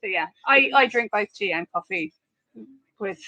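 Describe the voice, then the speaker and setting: A woman from London with an RP English accent, co-hosting a live stream in relaxed, casual chat. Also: on the high side, moderate pace, vocal fry, no room sound, poor audio.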